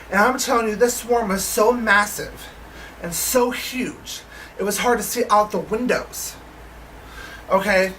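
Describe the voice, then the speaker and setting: A woman vlogger telling a story in a casual, animated way, acting out the people she quotes and swearing now and then. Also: a little high, recorded from a distance, a little hiss or hum, rough recording. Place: living in Las Vegas.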